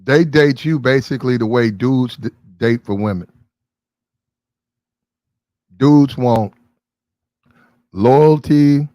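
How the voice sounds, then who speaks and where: A man's voice: mid-range voice, takes it slowly, long pauses, mellow, no room sound. A man hosting a casual livestream, talking bluntly and incredulously and swearing freely. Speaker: livestream host. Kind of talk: casual commentary.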